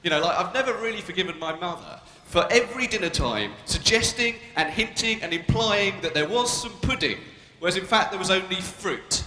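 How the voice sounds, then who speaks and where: Pushed, bright and sitting high, this young man's voice moves a little fast with few pauses as he does stand-up on a large arena stage. He's British, speaks British English, and teases the live crowd in a cheeky, provocative way, all captured amid echoey reverb and crowd sound.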